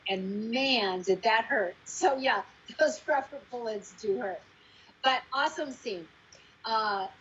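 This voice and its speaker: A woman with a fairly high voice recounts behind-the-scenes stories in a lively, casual way, slipping into the voices of the people she quotes. The sound is slightly dull and lo-fi, with a faint hiss underneath. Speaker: actress recalling a film shoot. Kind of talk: casual anecdote to camera.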